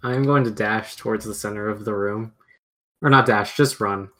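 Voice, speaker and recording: A man's voice: on the low side, normal speed, sharp tone. A man playing a tabletop game, declaring moves casually. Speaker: player.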